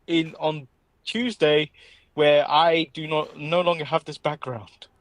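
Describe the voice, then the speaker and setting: A man's voice: on the high side, level tone, slow, no echo. A man with an English accent co-hosting a casual wrestling chat show, laughing often and rambling. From England. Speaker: podcast co-host.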